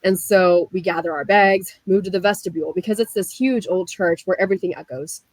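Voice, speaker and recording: A young woman from the US Midwest telling her story as a guest, animated and full of "like" fillers. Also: on the low side, a little fast, dry recording, low-quality recording. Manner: animated, frequent "like" fillers, laughs while telling. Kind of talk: casual storytelling.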